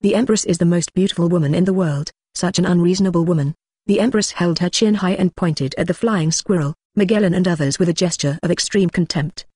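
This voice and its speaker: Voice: medium pitch, brisk, a little mellow, breathy edge, no room sound, studio quality. A text-to-speech voice narrating a novel as an audiobook, reading evenly and speaking punctuation marks and stray numbers aloud.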